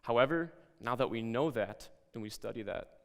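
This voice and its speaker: A man presents a lesson in a calm, reflective way, guiding listeners through a story. His voice sits at an ordinary middle pitch. A long reverb trails behind every phrase. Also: normal speed, gravelly.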